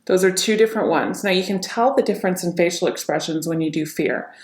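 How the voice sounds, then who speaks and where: A woman's voice: lowish voice, fast, reverberant. A woman coaching her viewers on facial expressions and tone of voice, talking straight to them in an instructional video. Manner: demonstrates emotions by repeating one line in many tones. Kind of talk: instructional talk to camera.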